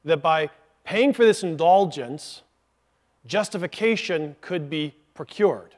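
A man's voice: on the high side, animated, slow. A man preaching a sermon as pastor, earnestly explaining a point step by step with asides.

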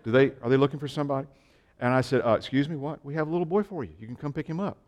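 A man's voice: mid-range voice, racing, darkish tone. A man preaching a sermon, telling family stories in a conversational, self-deprecating way.

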